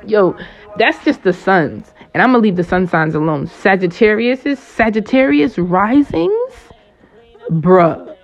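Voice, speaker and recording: Woman, astrologer, gravelly, slangy, profane, rambling, dull lo-fi recording. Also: mid-range voice, animated, unhurried. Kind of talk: casual astrology chat.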